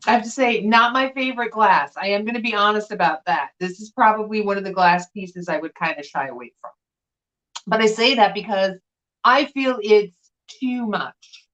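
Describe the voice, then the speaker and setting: A middle-aged woman chatting casually as co-host of a live vintage sale from a room at home, telling stories in an animated way. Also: mid-range voice, normal speed, poor audio. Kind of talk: casual chat. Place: home room with window blinds.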